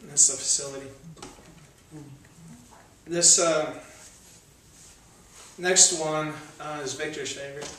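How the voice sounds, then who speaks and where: A young man performing spoken word poetry at an open mic, slightly high-voiced, declaiming with building force and chatting hesitantly between pieces. He is heard from well back in a very echoey cafe, with a faint hiss under the sound. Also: fairly even intonation, slow pace, long pauses, bright, forceful tone. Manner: intense declaiming readings, hesitant casual asides between poems. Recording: very echoey room, mic from far off, faint noise.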